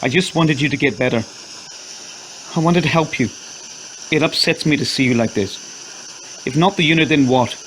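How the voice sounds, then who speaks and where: A man voicing an exasperated husband who shouts commands and then pleads. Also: fairly high pitch, normal speed, long pauses, a little hiss or hum, voice pushed up, natural voice, poor audio. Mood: pleading.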